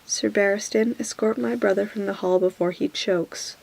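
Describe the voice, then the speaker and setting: A woman voicing a gruff, irritable king in a whispered role-play. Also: mid-range voice, steady tone, normal speed, poor audio. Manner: soft whisper.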